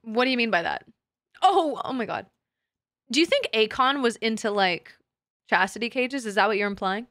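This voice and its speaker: A woman streaming a game, chatting with her audience in a giggly, excitable way full of crude jokes. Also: fairly high pitch, normal speed, pauses often, no echo, studio quality. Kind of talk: casual live-stream chat.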